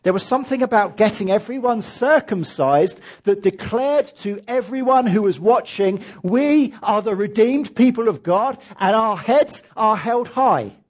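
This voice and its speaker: Husky-voiced man preaching with lively pitch. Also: unhurried, hardly any pauses. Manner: leads congregation in reading aloud, emphatic. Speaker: pastor. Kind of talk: sermon.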